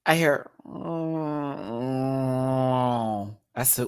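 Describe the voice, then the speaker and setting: Animated man chatting on a livestream. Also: mid-range voice, moderate pace. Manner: animated, chatty storyteller, swears freely, thanks viewers. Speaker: livestream host. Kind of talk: casual livestream chat. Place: home, indoors.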